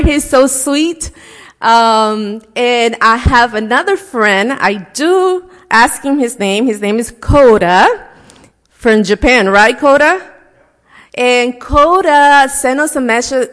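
A woman's voice: sits high, fairly bright tone. Female church host in middle age, talkative and personal, in an echoing church hall. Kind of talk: casual welcome speech. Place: church sanctuary. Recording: long reverb of a large church hall.

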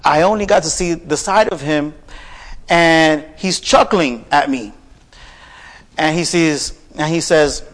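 A man preaching a sermon, telling a personal story softly and then rising into fervent preaching. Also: fairly high pitch, measured pace. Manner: builds from soft storytelling to raised, fervent preaching.

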